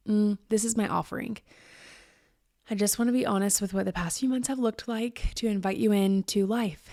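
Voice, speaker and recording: A woman's voice: medium pitch, gravelly, darkish tone, dry recording, clean studio sound. A woman in her thirties hosting her podcast, talking candidly in a chatty, emphatic way and laughing often. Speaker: podcast host. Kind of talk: candid casual monologue.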